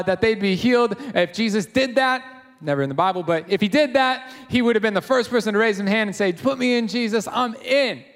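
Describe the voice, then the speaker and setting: A high-voiced man preaches an expository sermon in a casual, animated way, stumbling into restarts and fillers. His voice rings out in a church hall with a long reverb tail. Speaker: pastor.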